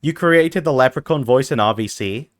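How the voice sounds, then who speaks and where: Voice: medium pitch, animated, moderate pace, dry recording, studio quality. A streamer chatting playfully with viewers during a long gaming stream, reading chat aloud and teasing back, sounding tired. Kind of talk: casual live-stream chat while gaming.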